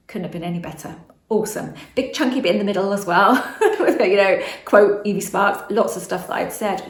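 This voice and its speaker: A woman's voice: medium pitch, roomy sound. A woman from the West Country of England with a slight West Country accent, talking frankly in a casual monologue and laughing often. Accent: slight West Country English. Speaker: author and vlogger.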